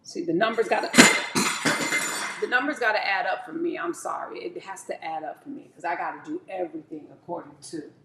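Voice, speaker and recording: A woman chatting casually to her viewers as she juices and drinks wheatgrass shots, calling them y'all and talking in animated bursts. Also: lowish voice, fairly quick, roomy sound, background noise. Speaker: wellness vlogger. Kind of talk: casual chat to camera.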